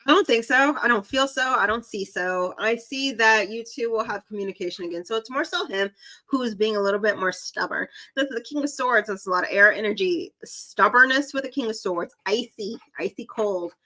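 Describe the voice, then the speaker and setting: A woman's voice: a little high, normal speed, sharp tone, low-quality recording. A young woman with a light Southern drawl, chatting and giggling as she gives tarot readings on a live stream. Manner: chatty, giggly, self-deprecating. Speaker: psychic reader.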